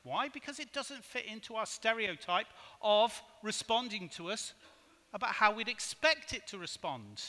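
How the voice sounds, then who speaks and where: A man giving a conference keynote in a hotel hall, measured and asking the audience rhetorical questions. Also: high-pitched, lively intonation, bright, forceful tone. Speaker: conference speaker. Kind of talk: keynote presentation. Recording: hall reverb.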